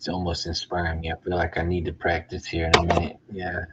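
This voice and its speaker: A man's voice: low-pitched, completely flat delivery, quick pace, pushed and bright, dull audio, a little hiss or hum. A middle-aged man, a guitar maker, rambling casually and profanely to himself in a behind-the-scenes vlog.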